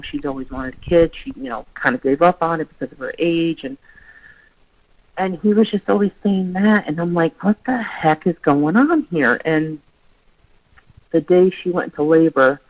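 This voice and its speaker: A woman's voice: sits low, dull audio. A woman telling a long personal story as a podcast guest, in a rambling way full of "you know" fillers. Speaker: guest, relative of the missing child's mother. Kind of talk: conversational storytelling.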